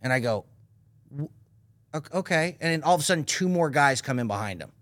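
A man's voice: a little high, a little fast, no room sound. A man guest telling a story in casual podcast chat, acting out what others said and swearing freely. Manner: animated storyteller, swears freely, acts out quotes.

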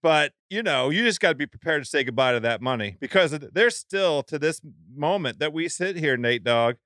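A man's voice: a little high, expressive, normal speed, fairly bright tone, no echo, studio quality. A man hosting a podcast, chatting casually with a rambling, joking manner. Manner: rambling, joking, many restarts. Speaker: podcast host.

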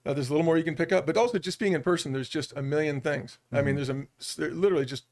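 A middle-aged man speaking as a business-leader guest on a podcast, an animated storyteller who acts out bits of quoted dialogue. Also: fairly high pitch, racing. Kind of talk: podcast interview.

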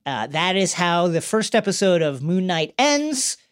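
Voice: mid-range voice, very animated, unhurried, clean tone. A podcast host casually recapping a TV episode in a loose, chatty way, with fillers and the odd swear word.

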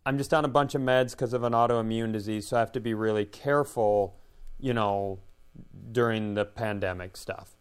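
A man's voice: lowish voice, fairly even intonation, clean tone. A man co-hosting a podcast, telling a rambling, self-deprecating story in casual chat, offhand and sometimes profane. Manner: quick, offhand delivery with profanity. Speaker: podcast co-host, comedian.

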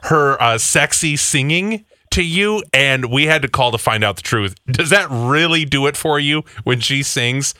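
A man's voice: mid-range voice, lively intonation, measured pace, hardly any pauses, pushed and bright, clear, resonant tone, no echo, clean studio sound. A man hosting a casual radio chat show, teasing and playful as he questions a guest.

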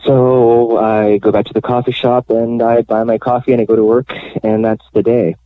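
A man being interviewed on the radio, telling his own story in a candid, animated way with many fillers. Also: mid-range voice, moderate pace, no room sound. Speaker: guest telling his bank fraud story. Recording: dry phone line.

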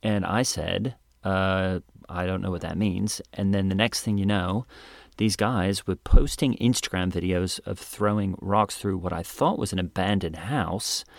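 A man's voice: sits low, a little slow, vocal fry, no echo, clean studio sound. A man co-hosting a parody church podcast, talking in an earnest, chatty, falsely upbeat way. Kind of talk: improvised comedy as a church host.

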